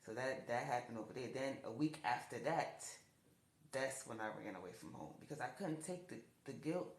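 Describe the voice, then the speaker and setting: A woman's voice: expressive, moderate pace. Emotional woman telling her life story. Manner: repetitive, emotional, rising pitch when upset. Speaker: TikTok storyteller. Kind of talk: personal life story told to camera. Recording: echoey room.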